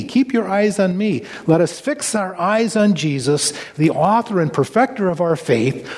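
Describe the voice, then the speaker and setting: Male pastor, fairly high voice, earnest sermon delivery, long church-hall reverb. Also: a little mellow.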